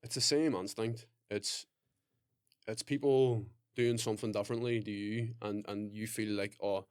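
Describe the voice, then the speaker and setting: A man's voice: lowish voice, fairly even intonation, clean tone, no echo, clean studio sound. A young Irish man, a comedian co-hosting a podcast, talking bluntly and swearing in casual chat. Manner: blunt, sweary, quick to laugh.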